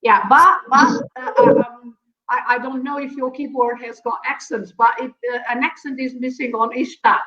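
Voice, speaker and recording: Woman, language teacher on a video call; patient, laughs a lot; muffled, roomy sound, slightly high voice. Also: steady tone, moderate pace, bright, forceful tone. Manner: patient, explaining, laughs often. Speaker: Portuguese teacher. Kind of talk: live online language lesson.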